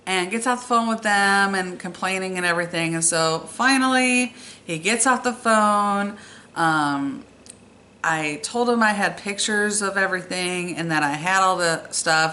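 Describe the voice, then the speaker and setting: Bright-voiced woman telling a story. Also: mid-range voice, slight background noise. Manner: animated, exasperated retelling. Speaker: storytime vlogger. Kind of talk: casual storytelling.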